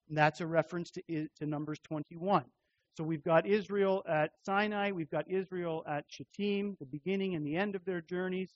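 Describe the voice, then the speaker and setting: Pastor, male, fairly high voice, measured expository sermon delivery, dull lo-fi recording. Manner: measured expository preaching, repeating phrases for emphasis.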